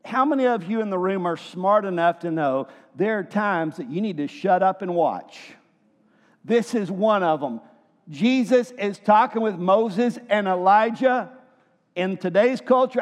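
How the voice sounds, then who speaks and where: A man preaching a sermon in a church hall, lively, asking his listeners questions and acting out quotes. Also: high voice. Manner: lively, asks the room questions and acts out quotes. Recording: long hall reverb.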